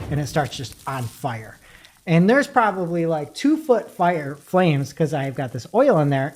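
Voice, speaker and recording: Podcast cohost guy, casual, rambly storytelling, lots of likes and restarts. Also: a little high. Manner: animated, rambling, many fillers. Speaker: podcast co-host.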